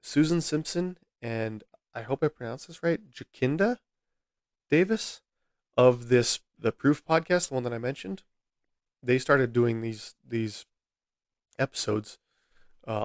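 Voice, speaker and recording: A male solo podcast host narrates a true-crime story, exasperated and repeatedly outraged, rambling and restarting often. He has a medium-pitched voice at a measured pace, with a dry, close-mic sound and no echo.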